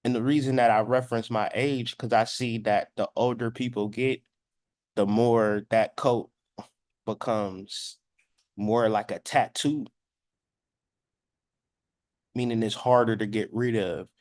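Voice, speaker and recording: A man's voice: on the low side, fairly even intonation, unhurried, pauses often, darkish tone, no room sound, clean studio sound. A man in his thirties giving a blunt, profane spiritual lecture, sometimes acting out quoted voices. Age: 30s. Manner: acts out quoted voices in dialogue. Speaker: spiritual astrology commentator. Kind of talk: preachy monologue.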